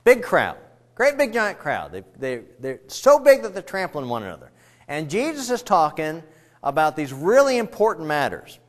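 A man's voice: a little high, wildly swooping pitch, normal speed. A male pastor preaching a sermon in a conversational way, full of rambling asides, little jokes and restarts.

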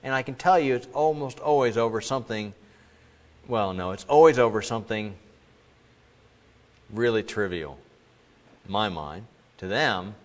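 A middle-aged man preaching a sermon in a conversational way, now and then acting out quoted voices with sudden jumps in pitch. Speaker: pastor. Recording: long reverb of a large hall.

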